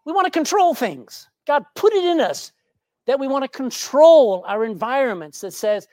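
Lively woman preaching a sermon. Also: high-pitched, normal speed, dry recording, studio quality. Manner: animated, asks the congregation questions; tells jokes and anecdotes with a laugh.

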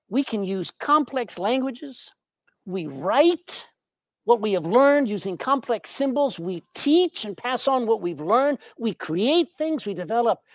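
A woman preaching a sermon, animated and questioning her congregation, with jokes and anecdotes along the way. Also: fairly high pitch, dry recording, studio quality. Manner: tells jokes and anecdotes with a laugh.

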